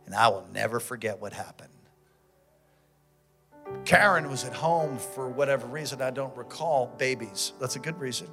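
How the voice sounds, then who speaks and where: Over music, a man delivers a sermon as pastor, his fervent call-and-response moving from shouts to hushed storytelling. His gravelly voice is medium in pitch, at a moderate pace.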